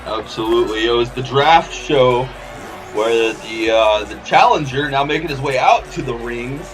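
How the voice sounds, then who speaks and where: A man calling a wrestling show as play-by-play commentator, excitable and tripping over his words. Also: mid-range voice, moderate pace, music in the background.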